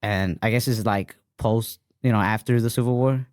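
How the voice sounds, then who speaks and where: A man's voice: on the low side, steady tone, moderate pace, darkish tone, no room sound. Man, comedy podcast co-host, casual banter, profane, dry room. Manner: loose, profane, riffing banter.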